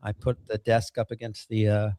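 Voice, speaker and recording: A man hosting a casual chat show from home, talking in halting bursts with many restarts and fillers, swearing freely. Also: on the low side, completely flat delivery, mellow, no echo, studio quality. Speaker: podcast host.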